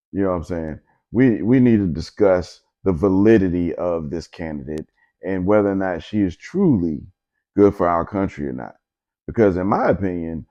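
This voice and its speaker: Male podcast host, very low voice, emphatic and repetitive delivery, slightly muffled lo-fi sound. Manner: emphatic, repetitive, conversational with frequent filler asides. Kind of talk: opinionated solo podcast commentary.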